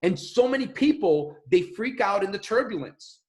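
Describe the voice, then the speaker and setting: A man with a slightly high voice gives a motivational talk in a loose, conversational way. He leans on repetition and emphasis to drive his points home. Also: lively intonation, normal speed. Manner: casual, emphatic, repeats phrases. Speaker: motivational mentor.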